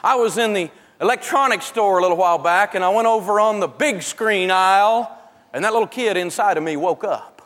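Animated, high-voiced male lecturer. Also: fairly quick. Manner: animated storyteller. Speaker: financial teacher. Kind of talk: humorous lecture to a live audience. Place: large hall with an audience. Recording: long echo of a large hall.

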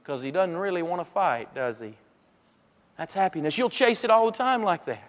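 A seminar speaker with a notably high, expressive voice gives a humorous teaching talk to a live audience at normal speed, telling stories and acting out everyday people. He often stammers and restarts sentences mid-thought, and the long reverb of a large hall surrounds his voice.

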